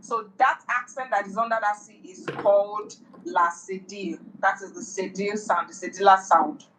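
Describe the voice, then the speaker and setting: A woman's voice: medium pitch, steady tone, moderate pace, a bit bright, a little hiss or hum, rough recording. A woman tutoring French in a casual one-on-one lesson, patiently repeating and rephrasing.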